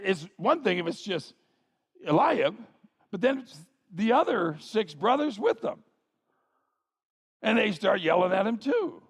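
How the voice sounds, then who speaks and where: A male pastor delivers a sermon, animated and playful, with quick joking asides. His voice is high with a gravelly edge. It swings up and down a lot and rings through a large echoing church. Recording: long reverb of a large hall.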